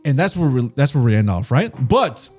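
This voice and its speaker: Speaking briskly in a medium-pitched voice, a man co-hosting a podcast tells a story against faint background music. He's animated and profane in this casual chat, voicing the people he quotes.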